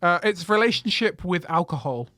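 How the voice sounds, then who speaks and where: High-voiced man reading listener messages. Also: lively intonation, moderate pace, a bit bright, no room sound, clean studio sound. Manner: reads messages out, brief and amused. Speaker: podcast co-host. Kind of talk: casual chat.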